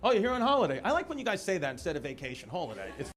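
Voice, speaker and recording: A man with a New York accent doing stand-up crowd work, telling loud, rowdy stories with shouted impressions. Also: sits high, very animated, very fast. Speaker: stand-up comedian. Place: comedy club stage. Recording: live club recording with noisy crowd. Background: crowd laughter.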